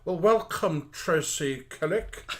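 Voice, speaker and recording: A man co-hosting a live chat show, greeting viewers by name, calling each one lovely and trailing off softly. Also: a little high, lively intonation, slow pace.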